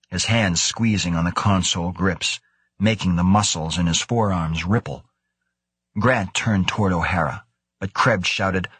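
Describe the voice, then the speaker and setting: A man reads a science-fiction novel aloud in a steady, measured way. His voice sits somewhat low and has a husky grain. The recording is dry and close, with no room around it. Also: no echo. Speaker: audiobook narrator. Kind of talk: scripted narration of a sci-fi novel.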